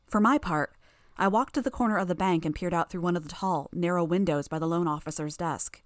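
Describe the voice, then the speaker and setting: A woman narrating a first-person audiobook chapter with a measured, even reading. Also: on the low side, no room sound, studio quality.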